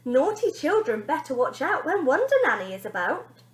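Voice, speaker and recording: A stern storybook nanny purrs her words with a smug sneer, played by a woman reading aloud. Her fairly high voice rises and falls with plenty of life. The recording carries a roomy echo. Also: very animated, normal speed. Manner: sneering, purring. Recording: echoey room.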